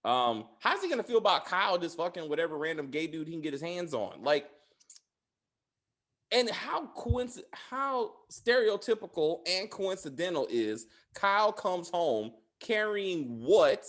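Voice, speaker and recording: A man hosts a casual spoiler review of a TV episode. His voice sits a little high and swings widely in pitch. He rambles, swears freely and peppers his talk with fillers. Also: a little slow. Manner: rambling, profane, animated, with frequent "like" fillers. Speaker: show host reviewing TV episodes.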